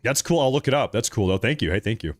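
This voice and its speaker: A man's voice: medium pitch, fast talker, no echo. A man from Oregon hosting a live political stream, reading viewer chat and joking between rants. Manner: joking, animated rants, laughs often. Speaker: political livestream host.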